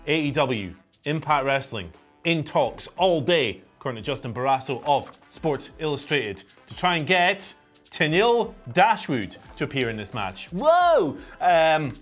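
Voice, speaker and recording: A man with a croaky voice co-hosting a wrestling news show, dry and sarcastic in casual chat. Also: medium pitch, big pitch swings, moderate pace, a bit bright, soft background music.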